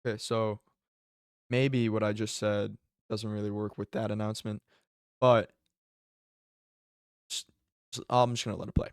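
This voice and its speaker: A man giving casual reaction commentary on fights, excitable and profane, often bursting into exclamations. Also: fairly low pitch, moderate pace, long pauses, clean tone, no echo, studio quality. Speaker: MMA commentary YouTuber.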